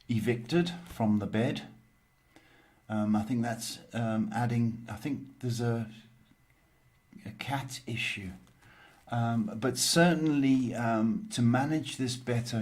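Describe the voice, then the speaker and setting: A man hosting a live-stream psychic Q&A, answering viewers in a halting way with many pauses and ums. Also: mid-range voice, darkish tone. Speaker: psychic reader and host.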